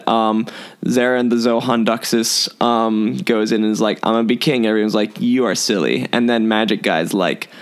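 A man's voice: mid-range voice, clear, resonant tone. Chatty young man recapping a show. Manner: chatty, rambling, laughs often. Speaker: podcast co-host. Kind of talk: casual recap chat.

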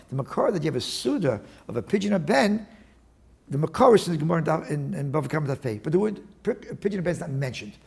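A man interviewed as a guest, explaining his work in an animated, digressive way with many restarts. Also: high voice, vocal fry, breathy edge. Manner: animated, digressive, with frequent restarts and Talmudic terms. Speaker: guest, attorney and index author. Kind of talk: casual interview talk.

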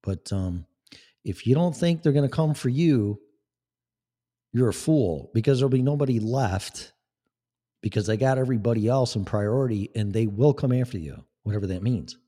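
A man's voice: mid-range voice, animated, normal speed, warm tone. Blunt sarcastic man hosting a live show. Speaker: podcast host. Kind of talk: casual live-show monologue.

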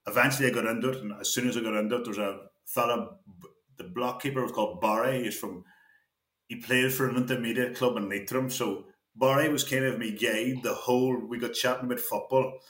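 A man's voice: mid-range voice, fairly even intonation, brisk, fairly bright tone. A Northern Irish man from Tyrone, a guest telling rambling anecdotes in casual chat, quoting others and laughing often. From County Tyrone, Northern Ireland. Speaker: guest, former county footballer. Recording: roomy echo.

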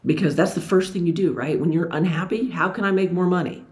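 A woman's voice: lowish voice, fast. A woman motivational speaker telling her own story, acting out both sides of the dialogue. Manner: lively storytelling, acts out dialogue. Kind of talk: personal story talk.

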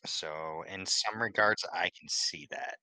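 A man's voice: sits low, slow pace, no room sound. A man co-hosting a casual podcast chat, telling stories animatedly and swearing freely. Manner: profane, animated storytelling. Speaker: podcast co-host.

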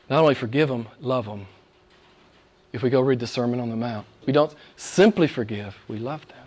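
A man preaching a sermon, rising to loud, high emphatic peaks and dropping to hushed near-whispers, with rhetorical questions and repetition. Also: sing-song, moderate pace. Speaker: pastor.

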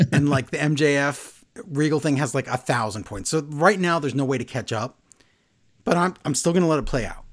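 Man, fairly high voice, casual co-host, animated, slips into mock voices for quotes. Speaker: podcast co-host recapping wrestling. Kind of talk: casual chat.

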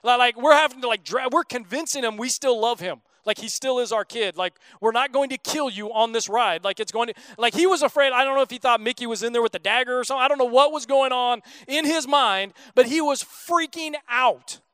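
A man in his thirties delivers a sermon with a strikingly high, smooth voice. He keeps it casual and conversational and slips in jokes as he preaches. The sound is close and dry, with no room echo. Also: brisk, hardly any pauses, bright, forceful tone. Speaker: pastor.

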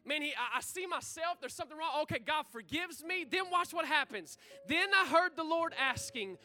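A man's voice: very high-pitched, animated, brisk, hardly any pauses, pushed and bright. A young man preaching a fervent sermon as pastor, calling out to his congregation. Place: church sanctuary.

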